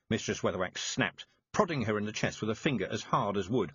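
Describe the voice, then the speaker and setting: A man narrating a story in a measured audiobook reading. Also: fairly low pitch, animated, fairly bright tone, slightly rough, no echo, muffled recording.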